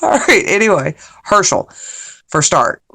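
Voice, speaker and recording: A woman's voice: fairly low pitch, big pitch swings, a little slow, sharp tone, slightly rough. Woman guest, casual chatter, laughs constantly, keeps losing her thread. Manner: giggly, easily sidetracked, laughs a lot. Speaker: guest on a live-streamed interview show. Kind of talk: casual chat.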